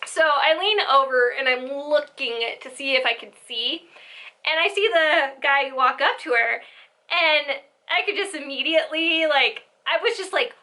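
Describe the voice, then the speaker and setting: A woman's voice: high-pitched, a little slow, sharp tone, rough recording. A young woman telling a rambling, giggly storytime vlog with side tangents. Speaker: vlogger.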